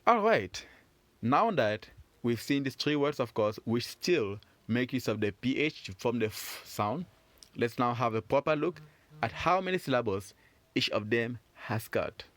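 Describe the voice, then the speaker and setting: An expressive man with a mid-range, fairly bright voice teaches French phonics to children, repeating words slowly and cheering learners on. The recording is dry.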